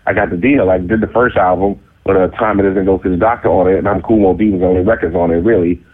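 A middle-aged man telling a story in casual talk, cocky and animated, jumping into high squeaky voices for the people in it. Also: fast. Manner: cocky, self-mocking. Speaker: interview guest. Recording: phone-like narrow sound.

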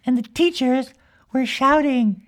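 Woman playing a high, giggly little unicorn girl for a comedy podcast, rambling and mischievous. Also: a little slow. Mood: chatty. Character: cheerful young magical unicorn girl, mischievous. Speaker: podcast character. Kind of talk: improvised comic storytelling.

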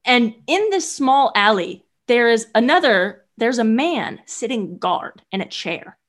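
A woman's voice: a little high, measured pace. Chatty young woman telling a story. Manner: animated, chatty, many "like" fillers. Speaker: guest, solo traveler. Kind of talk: casual storytelling.

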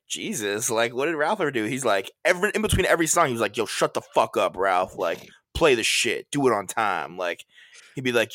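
A young man in his early twenties co-hosting a casual podcast. He tells stories in a loose, laid-back way, dropping in quick asides, and his voice sits in an ordinary middle range. The sound is dry and close to the mic. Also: mid-range voice, expressive, sharp tone, dry recording. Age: 20s. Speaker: podcast co-host. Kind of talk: casual chat.

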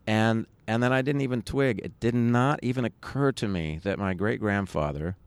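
Male interview guest, deep gravelly voice, loose and rambling delivery. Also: moderate pace, no room sound. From United States. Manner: rambling, with many restarts. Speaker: musician guest. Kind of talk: conversational interview.

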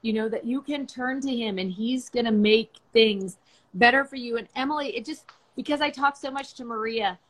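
An older woman hosts a faith-based conversation, speaking in an earnest and reflective way. Her voice sits a little high, and she pauses often with fillers as she gathers her thoughts. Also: rough recording. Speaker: podcast host.

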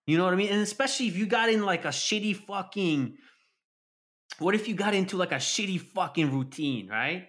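A man talks in a loose, profane podcast chat, his voice sitting a little high. His pitch jumps around a lot as he acts out little scenes. He swears constantly and keeps asking if you know what he means. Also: lively intonation, fairly quick, a bit bright.

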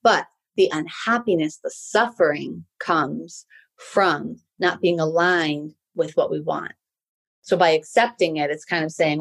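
A woman coaching listeners in a relaxed solo talk, often checking in with "right?". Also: deep voice, a little slow, vocal fry. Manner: conversational, tags many sentences with "right?". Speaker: life coach.

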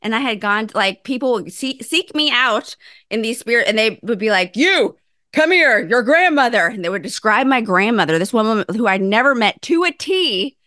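A woman's voice: on the high side, lively intonation, brisk, pushed and bright, no echo, clean studio sound. A woman in her thirties telling her own story in casual chat, acting out her own quotes with big swings in voice and swearing freely.

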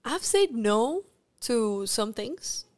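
Animated woman, slightly high voice. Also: extremely slow. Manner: candid, animated, restarts sentences often. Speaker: actress guest. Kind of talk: casual podcast interview.

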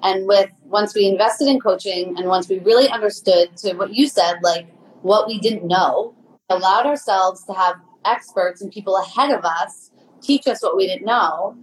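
A woman's voice: medium pitch, moderate pace, low-quality recording. A woman entrepreneur talking casually as a guest, with a loose speech style full of fillers. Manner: casual, many fillers, laughs easily. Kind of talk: casual conversation.

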